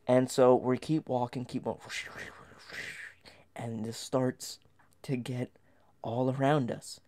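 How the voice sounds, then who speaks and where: A man telling a comic, mock-terrifying story from his past, dropping to whispers and then rising into loud, frantic bursts. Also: mid-range voice, level tone, slow. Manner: dramatic, dropping to whispers and rising to near shouts.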